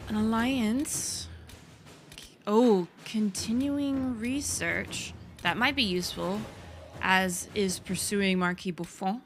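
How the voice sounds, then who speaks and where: A woman's voice: medium pitch, slow, slight background noise. A woman streaming a video game, chatting casually as she thinks aloud, laughing and swearing often. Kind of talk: casual gameplay commentary.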